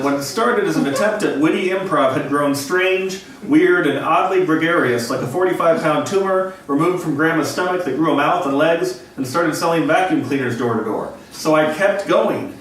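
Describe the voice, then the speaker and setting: A man's voice: fairly high pitch, normal speed, few pauses, a bit bright, slight background noise. A middle-aged man giving a live poetry reading in a bookstore, telling a comic story with a wry, dry humor. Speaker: poet reading his work. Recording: very echoey room, distant mic, faint ambience.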